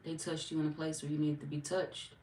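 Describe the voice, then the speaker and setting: Low-voiced, chatty woman doing a tarot reading. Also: little pitch movement, brisk, dark tone, a little hiss or hum. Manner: chatty and playful, laughs often, slangy. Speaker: tarot reader. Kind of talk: casual tarot reading to viewers. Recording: roomy echo, distant mic.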